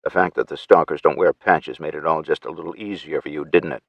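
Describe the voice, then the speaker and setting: A man narrating an audiobook in first person with measured, steady storytelling. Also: rumbling low, gravelly, no room sound, lo-fi sound.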